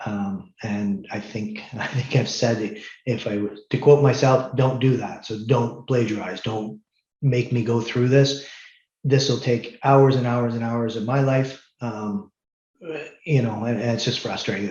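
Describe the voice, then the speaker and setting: A man's voice: medium pitch, fairly even intonation, a little slow, a little mellow. Middle-aged guy teacher doing office hours, blunt, lots of ums, echoey kinda dull sound. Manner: blunt and firm, many ums and restarts. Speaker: university course instructor. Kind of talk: online office hours talk to students. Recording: roomy, slightly dull sound.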